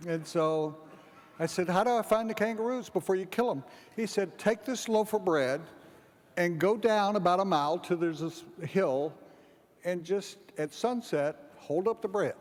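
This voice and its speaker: High-pitched man telling comic stories. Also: normal speed. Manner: rambling comic storyteller, acts out dialogue. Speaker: keynote speaker. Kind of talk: humorous storytelling speech. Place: large event hall. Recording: long hall reverb, faint background ambience.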